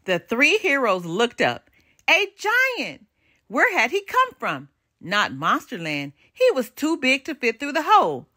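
Older woman, storybook read-aloud, animated and expressive, bright, lively pitch. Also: a little slow.

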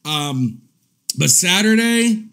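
Animated mocking man ranting on stream. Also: sits high, slow pace. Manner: mocking, laughs often, heavy swearing. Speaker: drama commentary streamer. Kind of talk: profane livestream rant.

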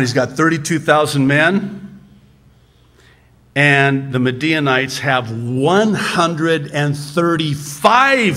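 A male pastor delivering a sermon at a slow, unhurried pace in a mid-range voice. He talks conversationally, with humorous asides, drawn-out pauses, and stammered restarts. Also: medium pitch, fairly bright tone.

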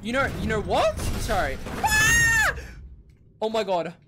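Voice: medium pitch, animated, a little fast, very noisy. A young streamer playing a horror game, talking in a panicky, slangy way with shrieks and dramatic whining. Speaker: gaming streamer. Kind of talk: horror game let's play commentary.

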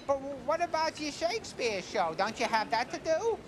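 A shrill, blunt woman with a very high, swooping voice that jumps around. Loud noise and crowd sound sit behind her on the film track. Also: big pitch swings, moderate pace. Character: shrill, blunt middle-aged woman, sister.

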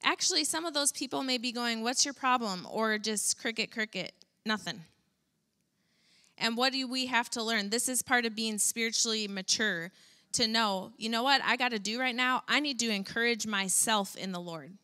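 A woman delivers a sermon in a relaxed, talky way, her voice bright and ringing. She sits a little high in pitch and keeps the message lively. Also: moderate pace. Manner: conversational, animated preaching with fillers. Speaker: preacher. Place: church.

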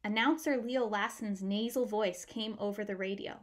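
A woman reading a children's picture book aloud with warm, expressive storytelling. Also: medium pitch, normal speed, hardly any pauses. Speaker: storybook reader.

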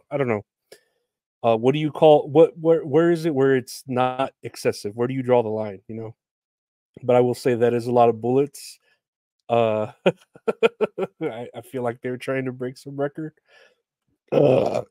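A man's voice: medium pitch, a little mellow, no room sound, clean studio sound. A young man hosting a solo podcast, rambling in a sardonic, profane way with lots of fillers. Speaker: podcast host. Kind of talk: casual solo podcast rant.

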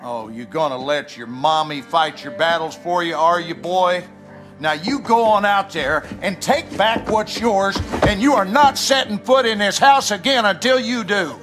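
An actor playing a harsh, bullying father in a game cutscene who scolds his son in a gruff, contemptuous, lecturing way. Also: high voice, unhurried, fairly bright tone, soft background music. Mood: scornful. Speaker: stern father. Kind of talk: video game cutscene acting.

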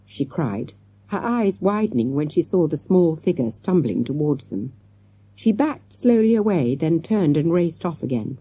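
Woman narrator for a children's audiobook; low, husky, lively delivery, dry and close. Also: normal speed, dry recording. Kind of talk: storybook narration.

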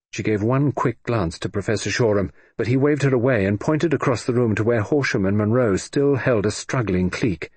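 A man narrating an audiobook in a scripted, expressive reading. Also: fairly low pitch, husky, dry recording.

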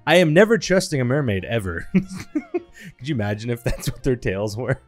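A man's voice: mid-range voice, big pitch swings, normal speed, soft background music. A man from the United States giving casual commentary on images, laughing often and exclaiming in disgust. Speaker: reaction video creator.

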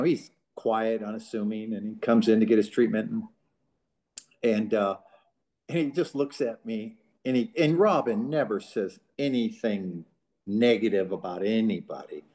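A man from Southern California, co-hosting a casual podcast chat and telling animated anecdotes. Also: fairly low pitch. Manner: animated anecdote teller who acts out quotes. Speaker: co-host.

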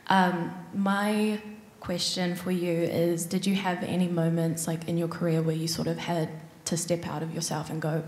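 A woman with a fairly low voice hosts a live onstage conversation, asking her questions in a friendly, measured way. The sound is roomy, with a faint bed of noise behind her. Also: level tone, darkish tone. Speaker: host. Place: event venue before a live audience.

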